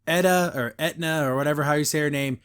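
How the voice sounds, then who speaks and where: A middle-aged man with a higher, fairly bright, clear and resonant voice hosts a podcast where he reviews a cartoon. His talk rambles casually, packed with "like" and "uh," and he slips into quick put-on voices while recapping scenes.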